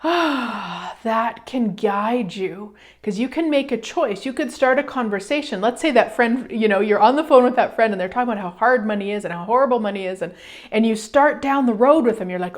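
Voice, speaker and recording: A woman hosting a self-help radio show, talking in an animated, casual way and acting out the voices she quotes, with some swearing. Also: fairly high pitch. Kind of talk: motivational self-help talk.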